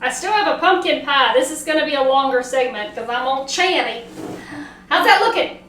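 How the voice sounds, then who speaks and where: A woman with a Southern accent hosting a casual cooking demo, chatting excitedly and talking to herself as she works. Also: sits high, fairly quick, slight background noise. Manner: chatty, excitable, talks to herself while working. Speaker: cooking show host. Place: home kitchen. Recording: echoey kitchen, mic at a distance.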